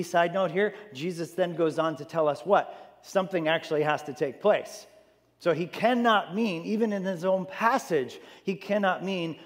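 A man preaching in a church hall, his slightly high voice carrying a long tail of reverb. He talks with animated emphasis, tosses in jokey asides and repeats words as he restarts. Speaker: pastor. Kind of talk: sermon.

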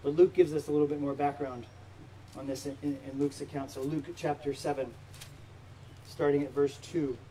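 A man's voice: on the high side, steady tone, normal speed, warm tone. A man pastor preaching a sermon to his church, emphatic, with rhetorical questions. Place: church sanctuary. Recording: distant mic with faint background noise.

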